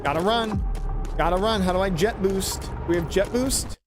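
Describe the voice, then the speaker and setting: A chatty male streamer with a fairly high voice talks through a video game, cracking jokes and reacting aloud. Game music sits clearly under his voice. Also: normal speed. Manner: chatty, joking, exclaims at the game. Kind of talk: casual gameplay commentary and reading game dialogue aloud.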